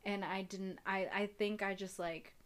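A teenage girl in casual chat, reacting with exclamations and quick replies. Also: mid-range voice, steady tone.

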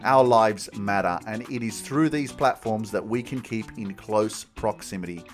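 A man's voice: fairly low pitch, normal speed, soft background music. A man hosting a podcast, closing an interview and signing off in an encouraging way with many fillers. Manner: warm encouraging sign-off with fillers. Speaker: podcast host. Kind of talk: interview wrap-up and show outro.

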